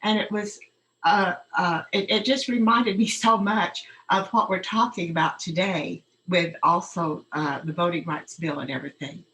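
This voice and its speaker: A woman's voice: on the low side, steady tone, normal speed, fairly bright tone, low-quality recording. Hesitant woman recommending a book. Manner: hesitant, many fillers and restarts. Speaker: participant. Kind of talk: casual group sharing.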